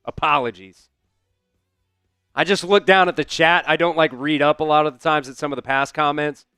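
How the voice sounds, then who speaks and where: A man's voice: a little high, steady tone, normal speed, pushed and bright, clean tone, dry recording, studio quality, soft background music. A man hosting a live-stream football watch-along, calling plays and venting at his team while answering the chat. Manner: frustrated, talks back to chat, swears. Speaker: host doing live play-by-play. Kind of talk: casual live-stream commentary.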